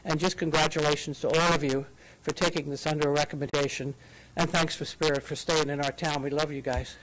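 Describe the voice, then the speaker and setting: A woman's voice: deep voice, fairly even intonation, brisk, rough recording. A woman giving a public comment at a city council meeting. She is out of breath and talks with enthusiasm and many fillers. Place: council chamber.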